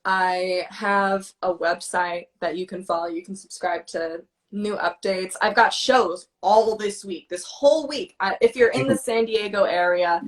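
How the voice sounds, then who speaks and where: A woman around twenty, a singer-songwriter guest, singing her song with guitar and chatting softly. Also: mid-range voice, a little slow, few pauses. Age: 20s. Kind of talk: singing an original song, then casual chat.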